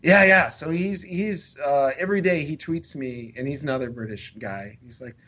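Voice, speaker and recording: A man's voice: a little high, moderate pace, sharp tone. Chatty man on a lo-fi line. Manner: chatty, self-deprecating, restarts often. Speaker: podcast co-host and magazine writer. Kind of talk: casual chat.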